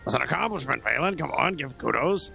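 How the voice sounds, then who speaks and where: Casting: playful man player, gravelly and bright, lively pitch, faint music under. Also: fairly quick. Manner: teasing, playful, mock-gallant. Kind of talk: in-character tabletop play.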